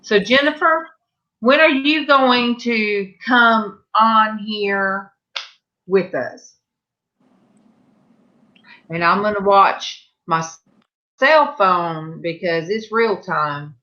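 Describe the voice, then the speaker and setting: A woman hosting a live stream, chatting casually with viewers in a slow, rambling way. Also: medium pitch, bright, forceful tone. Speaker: livestream host. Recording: muffled lo-fi audio.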